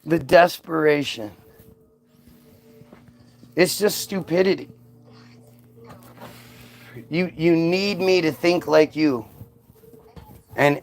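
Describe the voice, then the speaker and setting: A man ranting sarcastically on a livestream, answering viewer comments in a combative, mocking way. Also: on the high side. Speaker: streamer reacting to viewer comments.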